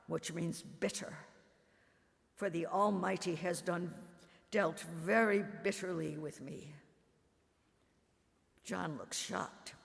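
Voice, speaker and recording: A man's voice: high voice, slow, vocal fry, fairly bright tone. A man giving a dramatic first-person devotional reading at a Good Friday service, grief-stricken and rising to anguished cries. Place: church. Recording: long church reverb.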